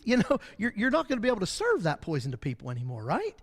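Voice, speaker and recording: A man's voice: high-pitched, huge pitch swings, fast talker, few pauses, long reverb tail. A man teaching a Bible study lesson in a church, talking animatedly and acting out the voices of the people he describes. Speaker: preacher.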